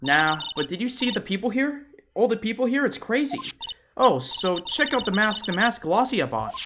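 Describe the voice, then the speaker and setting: Brief: man voicing a bubbly girl sidekick in a game, chirpy, high and lively, music under. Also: moderate pace, background noise. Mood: excited. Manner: chirpy, excited. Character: bubbly excitable young woman sidekick.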